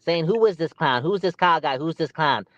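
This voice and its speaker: A man co-hosting a podcast, ranting in an animated, exasperated way. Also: a little high, a little fast, no room sound, dull audio. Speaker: podcast co-host. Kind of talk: heated casual podcast chat.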